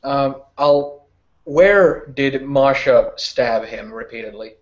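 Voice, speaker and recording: Halting slow man playing a game. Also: medium pitch, lo-fi sound. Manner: halting, many fillers. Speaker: player. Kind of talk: tabletop role-play.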